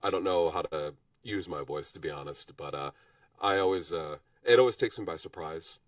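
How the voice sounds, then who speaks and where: A man with a husky voice, hoarse from a cold, chatting modestly as a guest on a livestream and pausing often with fillers. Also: low voice, no echo, far from the mic. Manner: modest, halting with frequent fillers. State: hoarse from illness. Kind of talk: casual chat.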